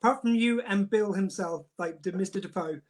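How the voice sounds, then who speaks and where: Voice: mid-range voice, a little fast. A host chatting with a guest, effusive and rambling, with many fillers. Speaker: podcast host. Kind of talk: casual interview chat.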